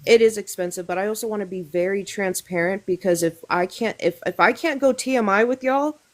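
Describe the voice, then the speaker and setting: A woman's voice: medium pitch, brisk. A young woman speaking as a guest on a live talk show, frank and earnest, with plenty of fillers and restarts. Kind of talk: candid casual chat.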